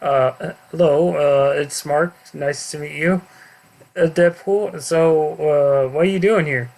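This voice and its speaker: A man's voice: a little high, takes it slowly, vocal fry, darkish tone. A man voicing a hesitant, exasperated young adult writer in an amateur story reading, in a plain voice.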